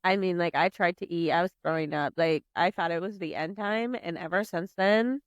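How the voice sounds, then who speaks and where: A woman in her twenties, a podcast guest telling a story in casual chat, animated, swearing freely and saying "like" a lot. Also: lowish voice, moderate pace, no room sound, dull audio. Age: 20s.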